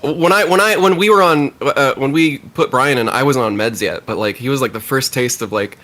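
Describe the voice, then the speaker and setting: A male podcast co-host chatting casually with his bandmates. His pitch jumps around freely and he laughs often, breaking off and restarting his sentences as he goes. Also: expressive, fairly quick, fairly bright tone. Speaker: podcast co-host, band member. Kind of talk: casual chat.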